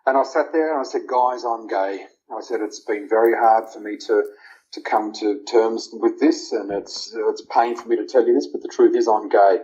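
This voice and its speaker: A man's voice: lowish voice, fairly even intonation, normal speed, dark tone. A middle-aged Australian man, an interview guest, earnestly telling a heartfelt personal story and retelling family conversations in detail. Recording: slightly muffled lo-fi audio.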